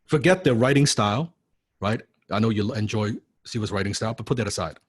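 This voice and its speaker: Here a course instructor with a lowish, husky voice talks briskly through a recorded course lecture. He's blunt and punchy, loves rhetorical questions, follows each point with "right?", and sometimes drops a swear word for emphasis.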